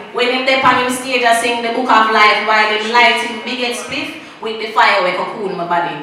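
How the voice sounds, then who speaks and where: Woman, Jamaican Patois accent, spoken-word poet, high bright voice, very echoey room, distant mic. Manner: theatrical, swings between loud bursts and hushed asides; slows right down to stress lines. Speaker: performance poet. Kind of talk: spoken-word poetry performance. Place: open-mic stage in an echoing room.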